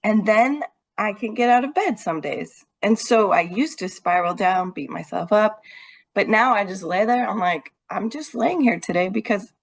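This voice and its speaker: A woman's voice: mid-range voice, moderate pace. Frank, upbeat woman podcast host. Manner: frank and upbeat, with casual swearing. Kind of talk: casual chat.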